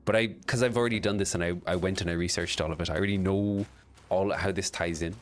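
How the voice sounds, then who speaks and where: A man's voice: deep voice, fairly even intonation, fast, a little hiss or hum. A man casually commenting while he plays a video game, chatting about its story lore. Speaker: streamer.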